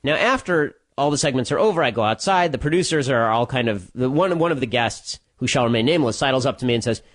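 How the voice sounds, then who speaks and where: A man delivering a solo commentary monologue, telling a story quickly with restarts and sarcastic, mocking asides. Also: mid-range voice, lively intonation, fairly bright tone. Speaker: political commentator.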